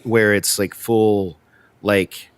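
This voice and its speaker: A man hosts a relaxed review podcast in a lowish, clean-toned voice, speaking very slowly and steadily. He jokes around, sounds flustered, and restarts his sentences a lot, all on a dry recording.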